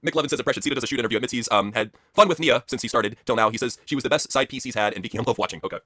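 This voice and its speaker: A man reading out viewer suggestions for a comedy skit in a flat, quick way. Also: mid-range voice, no echo. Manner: flat quick read-outs. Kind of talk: casual reading aloud.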